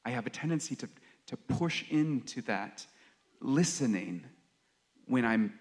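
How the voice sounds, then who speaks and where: A man giving a reflective sermon, earnest and confessional, speaking haltingly with many pauses and fillers. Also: mid-range voice, expressive, soft background music. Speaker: worship leader or preacher.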